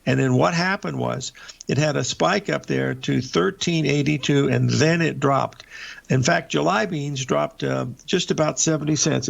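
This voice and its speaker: A man's voice: medium pitch, creaky. An older man hosting a live market show, rambling through charts in a folksy way with many filler uhs and restarts. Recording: dull lo-fi broadcast audio.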